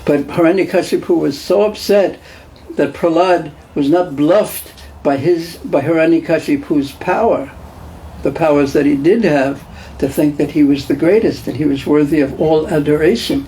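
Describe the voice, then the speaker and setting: A man with a voice on the high side lectures on scripture in a devotional class, talking at a moderate pace in a warm tone. He keeps it conversational, repeating phrases and putting questions to his listeners. The recording is low quality.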